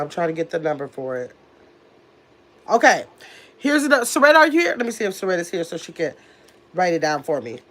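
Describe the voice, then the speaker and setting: A woman hosting a casual livestream, reading viewer comments aloud and talking to her audience as "y'all" while sorting out a phone number, a little under the weather. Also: lowish voice. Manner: chatty, distracted, talks to the chat as "y'all". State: recovering from illness. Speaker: livestream host.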